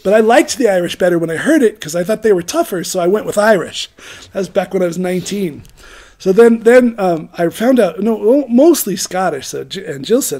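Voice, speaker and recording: A man's voice: high voice, expressive, fairly quick, darkish tone. A middle-aged man giving an informal, rambling sermon, joking about himself and laughing often. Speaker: preacher.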